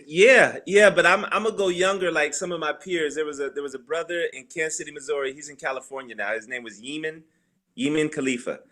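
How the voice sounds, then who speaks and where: A man telling a relaxed story to friends on a video call. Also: on the high side, quick pace. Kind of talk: casual group chat over video call.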